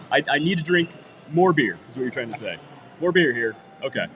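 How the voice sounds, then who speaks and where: A man's voice: mid-range voice, lively intonation, normal speed, fairly bright tone, faint music behind. Man, podcast co-host, laid-back chatter with self-mocking humor. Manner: joking, self-deprecating. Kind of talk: casual live podcast chat.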